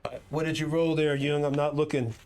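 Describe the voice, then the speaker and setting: A man's voice: fairly high pitch, steady tone, quick pace, darkish tone, faint music behind. A man running a tabletop game as game master, casual and chatty, often correcting himself. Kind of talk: narrating a tabletop game over a video call.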